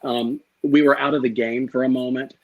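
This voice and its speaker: Middle-aged guy, kinda husky, spilling an emotional story in an interview, swears a lot. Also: medium pitch, level tone, moderate pace, low-quality recording. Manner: candid, profane, acts out quoted exchanges. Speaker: guest.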